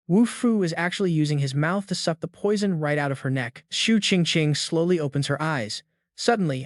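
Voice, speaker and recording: A man's voice: fairly high pitch, dry recording, studio quality. A man narrating a comic recap with punchy, emphatic storytelling.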